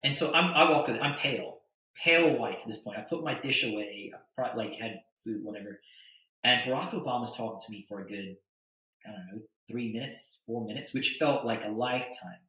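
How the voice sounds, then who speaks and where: A man, a podcast guest, telling a story in a casual, animated way, with stammered restarts and tag questions. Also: mid-range voice, fairly quick, heavy reverb, low-quality recording. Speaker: podcast guest, attorney and entrepreneur.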